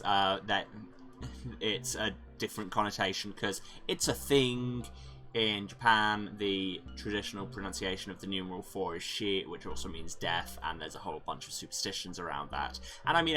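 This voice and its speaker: A man with a fairly low voice gives rambling, excitable commentary while streaming a game. Game music runs clearly underneath him. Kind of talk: let's play commentary.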